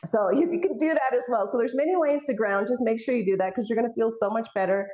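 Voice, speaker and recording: A woman's voice: on the high side, fast, mellow. Earnest rambling woman on a spiritual panel. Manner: earnest, rambling, with emotional swells and laughs. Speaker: panel host. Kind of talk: casual spiritual discussion.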